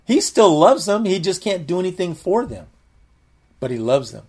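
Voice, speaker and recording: A man's voice: sits high, very animated, normal speed, a little mellow, slightly rough. A man giving conversational Bible teaching, earnest, often repeating and restarting his words.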